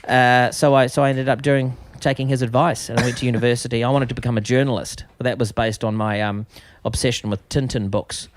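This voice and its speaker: A middle-aged man with a New Zealand accent, a podcast guest telling a comic story in an animated, self-mocking way. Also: medium pitch, brisk, hardly any pauses. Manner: animated, self-mocking, frequent laughs and restarts.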